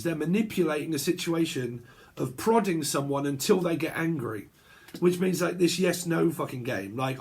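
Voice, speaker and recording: Man, husky, a bit high, ranting tarot reader, swears a lot, acts out both sides of arguments. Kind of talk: casual tarot reading vlog.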